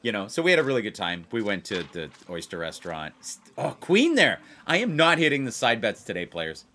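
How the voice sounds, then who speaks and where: A man hosting a blackjack video, chatting casually and excitedly as he plays. He repeats himself for emphasis and keeps talking straight to his viewers. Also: on the low side, fairly quick, a little hiss or hum. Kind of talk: casual chat while playing blackjack.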